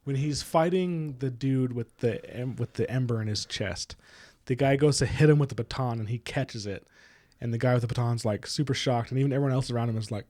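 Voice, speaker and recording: A man's voice: medium pitch, fairly quick, hardly any pauses, darkish tone. A man co-hosting a podcast, casually discussing a book and eagerly pointing out plot hints, with many fillers. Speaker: podcast co-host.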